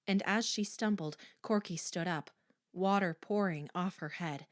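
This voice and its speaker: Woman audiobook narrator, slow deliberate read, lowish voice, dry close sound. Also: no echo. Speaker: audiobook reader.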